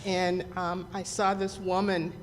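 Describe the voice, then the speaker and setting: A woman's voice: on the low side, flat delivery, unhurried. A woman congregant telling a personal story to the congregation, chatty and hesitant with fillers. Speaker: congregant sharing news. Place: church sanctuary. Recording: hall reverb with faint background noise.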